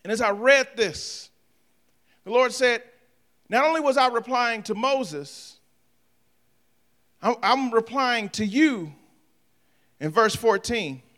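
Preacher guy, high bright voice, jokes w the church, goes from quiet asides to full-on shouting. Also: takes it slowly, long pauses. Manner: humorous, talks to the congregation directly. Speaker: pastor. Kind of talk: sermon.

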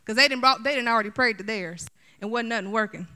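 A middle-aged woman preacher giving a sermon, animated and chatty, talking straight to her listeners. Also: a little high, fast talker. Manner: animated, chatty, addresses the audience directly.

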